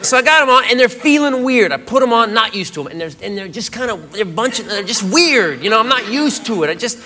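A man doing a stand-up comedy routine, telling a story with acted-out quotes and bursts of shouting. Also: very high voice, lively intonation, fast. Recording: live club with loud crowd noise.

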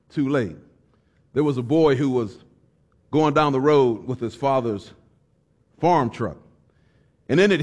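A man preaching a sermon, folksy and fervent, breaking into shouted exhortations and wry stories. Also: a little high. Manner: storytelling with folksy humor.

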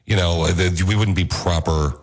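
A man's voice: low voice, steady tone. A man co-hosting a show, chatting casually and teasing his co-host with jokes. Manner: joking, teasing, rapid talker. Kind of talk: casual banter.

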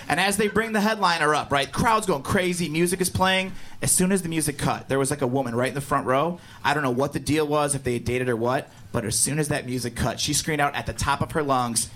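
A man from Indiana doing stand-up, telling a club story with animated delivery and shouted impressions. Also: on the high side, brisk. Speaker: stand-up comedian. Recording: live club set with crowd noise.

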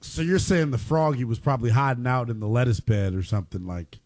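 A man co-hosting a casual podcast, playful and quick to laugh. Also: mid-range voice, no echo. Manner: playful, animated, laughs often. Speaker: co-host.

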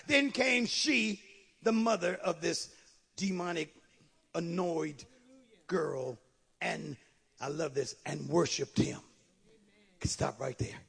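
A man preaching a sermon, moving from quiet asides to shouted scripture and calling out to his congregation. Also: sits high, creaky, slightly rough. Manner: calls out to the congregation.

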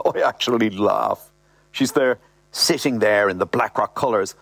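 A man reading a comic novel aloud in a wry, deadpan way. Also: lowish voice, measured pace, gravelly, no room sound. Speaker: story reader.

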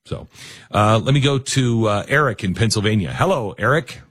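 A man hosting a call-in talk radio show, talking in a measured, deliberate way and then taking callers. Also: on the low side, lively intonation, fairly bright tone, breathy edge, dry recording.

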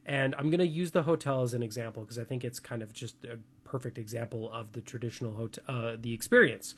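A man's voice: mid-range voice, quick pace, breathy edge. A young man co-hosting a talk show, chatting casually and animatedly, with plenty of filler words. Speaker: radio show co-host.

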